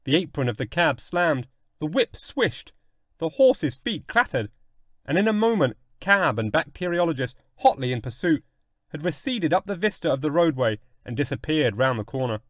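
A man narrating a classic short story in an expressive, dramatic audiobook reading. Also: on the high side, normal speed, dry recording, studio quality.

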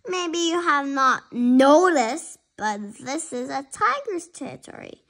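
Storybook role: a stubborn young she-cat who swears she's a tiger, high and slow, read by a child. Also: animated, fairly bright tone, full character voice. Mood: insistent.

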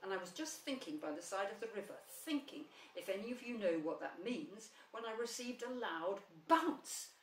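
A woman's voice: mid-range voice, lively intonation, normal speed, hardly any pauses, reverberant, recorded from a distance, close to an everyday voice, poor audio. Woman reader doing a grumbling, put-upon old donkey, storybook.

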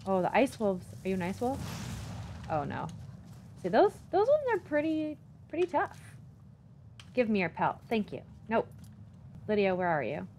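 A young adult woman talking through a video game, chatty and self-deprecating, reacting out loud as she plays. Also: mid-range voice, huge pitch swings, normal speed, long pauses. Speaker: gaming YouTuber. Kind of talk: casual let's-play commentary. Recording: faint background noise.

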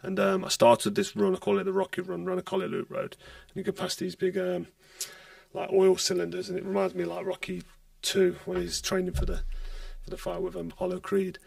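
A retired boxer, telling stories bluntly in a casual podcast chat and swearing freely. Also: male voice, sits high, fairly even intonation, brisk, creaky, darkish tone, no echo, clean studio sound, recorded from a distance. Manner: blunt, swears freely, acts out quoted dialogue.

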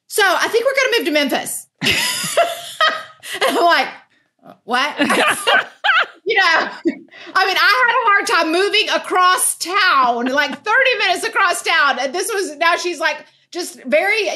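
A woman with a high, bright voice talks about friendship in a casual chat. She is gentle and reflective, and sometimes a little hesitant. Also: very animated, a little slow. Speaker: guest, longtime friend.

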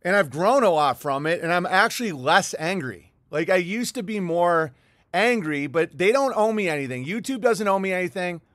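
Middle-aged male stream host, fairly high voice, dry close sound, heated profane rambling. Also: expressive, normal speed, a bit bright, dry recording. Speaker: livestream host. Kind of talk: rambling livestream monologue reading viewer chats.

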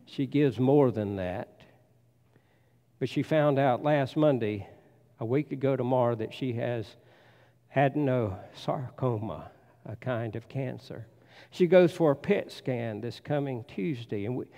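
A male pastor preaching a sermon, emphatic, repeating key phrases more softly and slowly. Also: mid-range voice, expressive. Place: church sanctuary. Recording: long church reverb.

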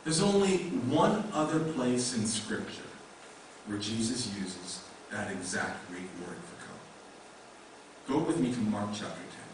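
A man's voice: on the low side, expressive, unhurried, background noise. A male pastor preaching a sermon in a conversational way, with many rhetorical questions. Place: church sanctuary. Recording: echoey room mic from a distance.

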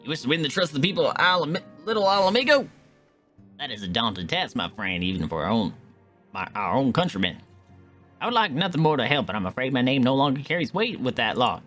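A man's voice: very animated, very fast, hardly any pauses, sharp tone, faint music behind. A man voicing an earnest male resistance veteran in a game, with a made-up theatrical accent. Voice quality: put-on accent, high and theatrical.

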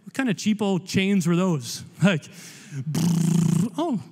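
A man preaching as a guest pastor, animated and conversational, with playful asides. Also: high-pitched, normal speed, a little hiss or hum. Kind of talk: sermon. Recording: long hall reverb.

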